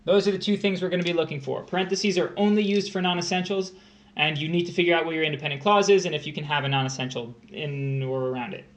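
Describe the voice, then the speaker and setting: A young man with a slightly raised speaking pitch gives a livestreamed test-prep lesson. He works through a grammar question out loud, in a conversational way, often restarting and rereading the sentence. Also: fairly even intonation, fast talker.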